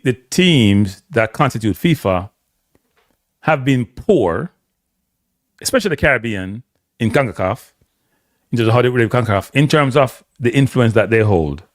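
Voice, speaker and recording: A Jamaican man talks on a live stream, blunt and opinionated, his pitch jumping up and down as he gets worked up. He swings between thick patois and standard English. The sound is close and dry, with hardly any room around it. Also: dry recording. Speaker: host. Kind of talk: casual live-stream commentary.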